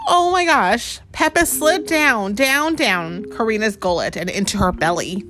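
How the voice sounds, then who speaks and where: Woman reading a picture book to her kid, lively pitch, quiet music under it. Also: slow, pauses often. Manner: chatty, animated, asks the child questions. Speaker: parent reading to her child. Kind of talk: storybook read-aloud.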